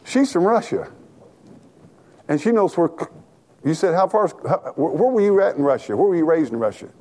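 A pastor delivers a lively, folksy church sermon, trading lines with his congregation and laughing with them. His voice is fairly high, and he keeps a moderate pace.

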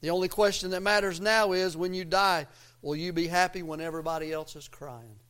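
A man preaching a sermon, swelling into loud emphatic lines and dropping low again, with a folksy, self-interrupting delivery. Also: fairly even intonation, fairly quick, clear, resonant tone. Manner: preaching with rising, emphatic swells and quiet drops. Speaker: pastor.

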